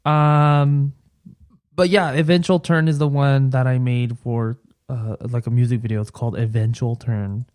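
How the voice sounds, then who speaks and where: A man's voice: mid-range voice, fairly even intonation, measured pace, a little mellow, dry recording. A young man hosting a casual solo podcast, rambling and playful with lots of fillers. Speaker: podcast host.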